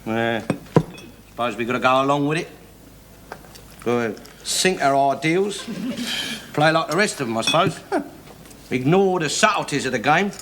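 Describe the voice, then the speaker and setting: An actor playing a bigoted, blustering middle-aged working-class London man who argues and swears without pause, in a studio sitcom. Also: mid-range voice, expressive, background noise, close to an everyday voice. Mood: lecturing. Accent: Cockney. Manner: blustering, argumentative, swears constantly. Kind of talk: 1960s-70s studio sitcom acting.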